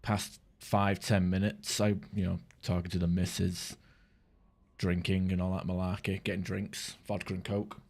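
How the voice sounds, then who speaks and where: A man's voice: low voice, little pitch movement, moderate pace, darkish tone. A man streaming a video game, talking in a sweary, sarcastic, rambling way. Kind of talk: casual gaming commentary.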